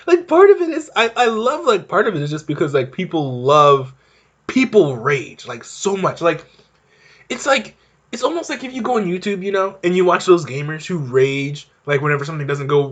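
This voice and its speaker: Young male podcast host, rambling off-the-cuff monologue, animated and a bit high-voiced. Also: dull audio. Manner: rambling, frequent fillers and restarts, laughs while talking. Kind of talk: casual monologue.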